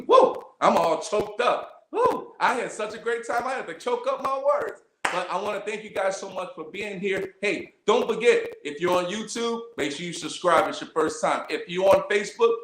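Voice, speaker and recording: A man hosting an online interview show, talking in a hyped, effusive style full of slang. His voice sits a bit high for a man, and it rings around an echoey room. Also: fairly bright tone. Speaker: host. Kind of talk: casual interview sign-off.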